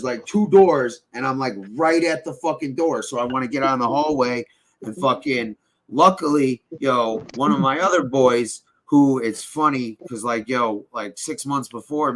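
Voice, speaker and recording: A man's voice: medium pitch, a bit bright. Young man, casual podcast storyteller, profane and rambling. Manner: swearing, rambling storyteller who keeps checking in with "right?".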